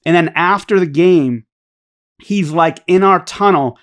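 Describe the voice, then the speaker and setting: A man's voice: fairly high pitch, unhurried, fairly bright tone, no echo, studio quality. A man guest on a podcast, telling a long story in a blunt, profane, rambling way. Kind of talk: casual storytelling chat.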